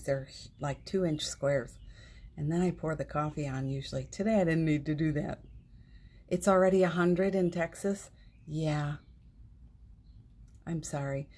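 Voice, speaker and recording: A woman hosting a morning live stream, chatting gently and affectionately with viewers, greeting them by name and laughing often. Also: sits low, slightly rough. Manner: laughs often, speaks softly. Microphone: phone.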